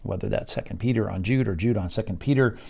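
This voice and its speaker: A man teaching an evening Bible study as its pastor, reading verses aloud and explaining them while thinking aloud, with many pauses and repeated words. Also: fairly low pitch, gravelly, a little mellow, breathy edge. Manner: reads scripture aloud then explains it.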